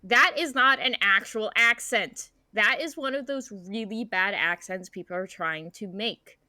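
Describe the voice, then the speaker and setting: A woman's voice: mid-range voice, animated, measured pace, bright, forceful tone, no room sound. A woman co-hosting a casual movie review chat, blunt and exasperated in her complaints. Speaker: podcast co-host.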